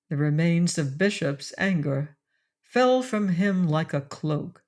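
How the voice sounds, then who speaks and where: Woman, audiobook narrator, steady storytelling read, classic novel. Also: low-pitched, takes it slowly. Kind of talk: scripted narration.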